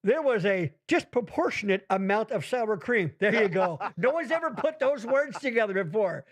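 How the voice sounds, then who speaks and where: Animated high-voiced man ranting. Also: normal speed. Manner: profane, animated, rambling, reads chat comments aloud. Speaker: podcast host. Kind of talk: casual comedy podcast banter. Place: home basement.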